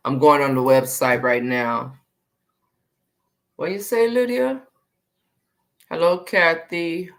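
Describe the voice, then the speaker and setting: A woman's voice: sits low, slow pace, long pauses. A woman hosting a casual live stream, chatting with viewers and greeting them by name with repeated hellos.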